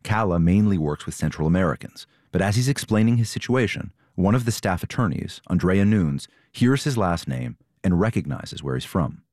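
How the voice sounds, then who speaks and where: A man reporting, reading a scripted story narration in a measured, steady way and interviewing guests. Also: sits low, dry recording, clean studio sound. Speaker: reporter and host.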